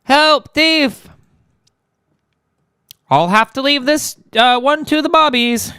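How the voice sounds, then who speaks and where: A man reading comic lines as a chipper young British heroine in a rush, in a high put-on voice with an attempted British accent. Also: moderate pace, clear, resonant tone, no echo, studio quality, exaggerated voice. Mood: flustered. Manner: breathless, excitable, reading comic lines aloud.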